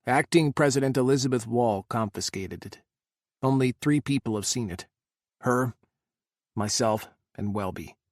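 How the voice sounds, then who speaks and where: A man voicing an exhausted male Secret Service agent, speaking low, measured and somber. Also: darkish tone, dry recording, studio quality, natural voice. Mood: grim.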